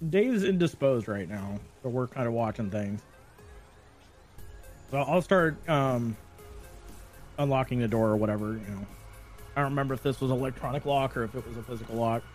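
A man's voice: medium pitch, normal speed, pauses often, soft background music. Laid-back male tabletop player. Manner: laid-back, hedging with "you know". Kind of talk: casual tabletop play.

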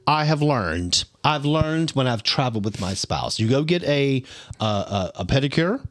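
Animated man host, dry close mic. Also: mid-range voice, dry recording. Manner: animated storytelling with gasps and drawn-out exclamations. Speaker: podcast host. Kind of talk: candid casual chat.

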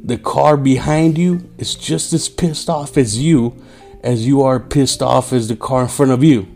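A man's voice: mid-range voice, steady tone, a little slow, creaky, darkish tone, faint music behind. A tired man hosting a casual solo podcast, profane and streetwise, saying "yo" a lot. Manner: profane, streetwise, says "yo" often; mimics angry drivers in raised voice. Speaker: podcast host.

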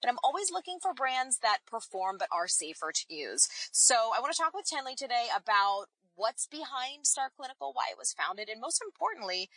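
A woman's voice: on the high side, sing-song, brisk, hardly any pauses, a bit bright, poor audio. A woman in her thirties hosting a podcast, chatting casually with many fillers. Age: 30s. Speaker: podcast host. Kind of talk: casual podcast intro and interview. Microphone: remote recording setup.

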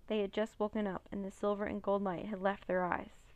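A woman narrating a children's chapter book in a steady, plain reading voice on a close mic. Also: mid-range voice, fairly quick, no room sound, highs cut off. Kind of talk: storybook read-aloud.

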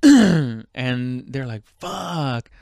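A man's voice: medium pitch, normal speed, clear, resonant tone, dry recording, clean studio sound. A man telling a story casually, rambling with lots of restarts, swearing freely and acting out quoted speech. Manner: rambling, many fillers and restarts, profane; acts out quoted speech loudly.

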